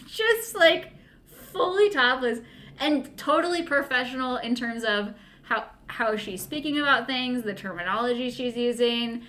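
A woman's voice: fairly high pitch, lively intonation, measured pace, fairly bright tone. Giggly woman telling a story. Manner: giggly storyteller, lots of "like" fillers. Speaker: podcast co-host. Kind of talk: casual chat.

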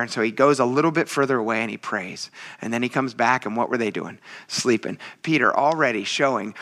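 Bright-voiced casual male preacher. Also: mid-range voice, brisk. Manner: casual, joking preaching with acted quotes. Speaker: pastor. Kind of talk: sermon.

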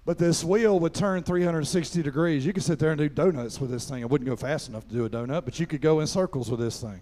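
A middle-aged male pastor talks fast in a slightly high voice, with slight background noise. He delivers his sermon as folksy personal storytelling, peppered with "amen," until it swells into loud preaching.

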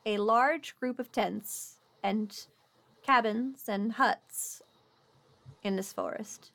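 A woman game master narrating a streamed tabletop game, animated and quick when signing off. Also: a little high, gravelly. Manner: animated, quick sign-off with laughter.

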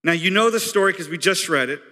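A man preaching a sermon as pastor, in a conversational, animated storytelling way. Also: high-pitched, fast. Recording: long hall reverb.

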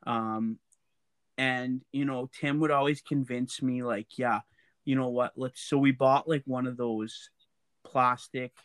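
A man chatting casually, relaxed, with many fillers, as he tells a story about his brother. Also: mid-range voice, unhurried, smooth, no echo.

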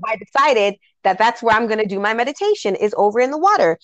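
Heartfelt woman, slightly high voice. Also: animated, fast talker, a bit bright, no room sound. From Jamaica. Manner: heartfelt storytelling, laughs often. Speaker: podcast host. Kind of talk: casual spiritual podcast chat.

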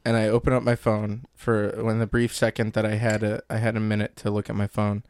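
A man's voice: on the low side, fairly quick, dry recording. Joking young man on a podcast. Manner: joking, crude, animated retelling. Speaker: podcast co-host. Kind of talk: casual chat.

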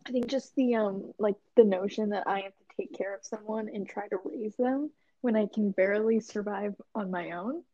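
A woman's voice: mid-range voice, moderate pace, warm tone, no room sound. Young woman, from the south, chatty podcast co-host, muffled lo-fi audio. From American South. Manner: chatty, joking, lots of fillers. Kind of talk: casual chat.

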